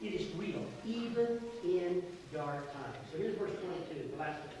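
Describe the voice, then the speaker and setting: A man in his sixties preaching a sermon as pastor, telling a personal story with emotion, swelling loud and then dropping quiet. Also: high voice, normal speed. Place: church sanctuary. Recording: echoey church hall from far off, with noise.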